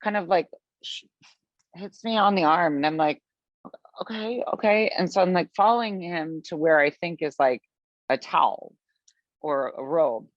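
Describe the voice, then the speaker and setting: A woman from the Midwest, a podcast guest telling a long story in a chatty, animated way, full of fillers and acted-out quotes. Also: deep voice, moderate pace, dry recording. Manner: animated, chatty, filler-heavy, acts out her own past lines. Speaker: podcast guest, business founder. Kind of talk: storytelling in conversation. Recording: dull, lo-fi, dry sound.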